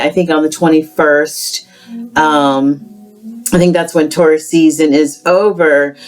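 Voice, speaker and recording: A woman hosting a tarot channel, chatting casually to her viewers with drawn-out greetings and frequent ums. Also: on the low side, a little mellow, clean tone. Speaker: tarot reader. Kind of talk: casual spiritual vlog chat.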